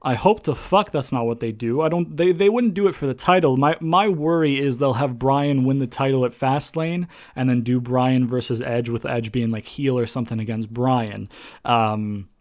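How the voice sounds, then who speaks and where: A man's voice: mid-range voice, moderate pace, darkish tone. A young man giving a casual spoken recap of a wrestling show, rambling with many fillers and restarts and swearing freely.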